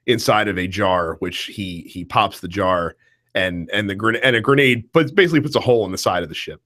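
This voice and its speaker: A man co-hosting a podcast, chatting casually about a film, animated and laughing, full of fillers and restarts. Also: on the low side, brisk. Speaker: podcast co-host. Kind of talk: casual movie discussion.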